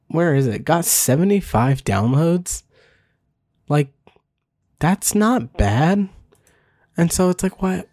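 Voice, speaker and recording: A man hosting a casual solo podcast, rambling with many fillers and restarts, self-deprecating and talking fast. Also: a little high, a little mellow. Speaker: podcast host.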